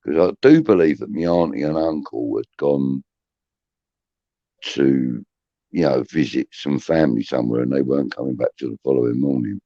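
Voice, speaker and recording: A man's voice: extremely low pitch, normal speed, dark tone, no echo. A middle-aged man, hosting a podcast and rambling through chatty, swear-laden anecdotes. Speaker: podcast host. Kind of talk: casual storytelling. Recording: dull, muffled audio.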